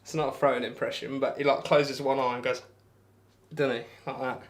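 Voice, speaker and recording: Medium in pitch and flat in delivery, a young adult man speaks at a moderate pace on a darts live stream. He chats casually and rambles, making self-deprecating jokes and reading out viewer messages to answer them.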